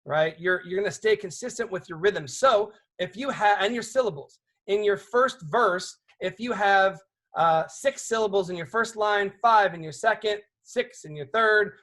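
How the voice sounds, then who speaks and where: A man teaching a songwriting seminar in a conversational way, often checking in with his audience with quick questions. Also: high-pitched, fairly bright tone.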